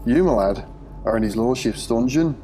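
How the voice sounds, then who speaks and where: A man voicing a crazed, wiry male prisoner with a Scouse accent who jeers loudly and swears. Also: medium pitch, lively intonation, normal speed, a little hiss or hum, close to an everyday voice. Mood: menacing. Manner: loud, jeering, coarse.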